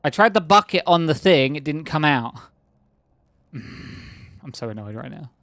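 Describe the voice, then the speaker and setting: A man's voice: fairly high pitch, expressive, unhurried, a bit bright, no room sound, clean studio sound. A man streaming a video game, joking casually with friends on voice chat. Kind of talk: casual gaming livestream chat.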